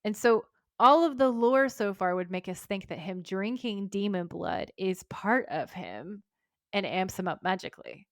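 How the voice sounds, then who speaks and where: A woman's voice: medium pitch, expressive, unhurried, dry recording, clean studio sound. A woman co-hosting a podcast, animatedly retelling a TV episode in casual chat and swearing freely. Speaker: podcast co-host.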